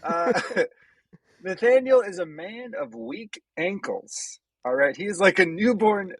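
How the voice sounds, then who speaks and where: A male comedian with a somewhat high, husky voice who takes his time. He teases his host in a playful roast-style introduction. The sound is dry and close. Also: animated, takes it slowly, dry recording, poor audio. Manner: playful and teasing. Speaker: stand-up comedian guest.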